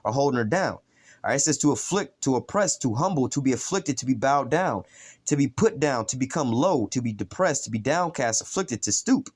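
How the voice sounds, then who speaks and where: A man's voice: medium pitch, animated, fairly quick, breathy edge. A man giving an informal bible lesson as a street preacher, rambling and slangy, with frequent profanity and fillers.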